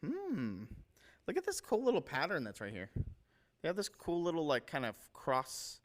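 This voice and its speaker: A man's voice: fairly high pitch, huge pitch swings, moderate pace. Rambling casual man hosting a stream. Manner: rambling, enthusiastic, stumbles over names. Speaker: livestream host showing painted miniatures. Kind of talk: casual livestream chat.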